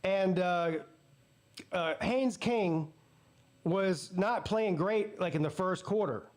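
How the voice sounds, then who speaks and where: High-voiced, profane football fan host. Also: male voice, takes it slowly. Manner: casual, profane, ranting. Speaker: sports channel host. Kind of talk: live game watch-party commentary and storytelling.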